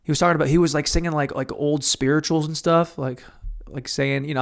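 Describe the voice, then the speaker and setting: A man's voice: fairly high pitch, steady tone, a little fast, vocal fry. A young man hosting a solo podcast from a room at home, rambling crudely and mocking himself, swearing freely as he talks to no one. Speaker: podcast host.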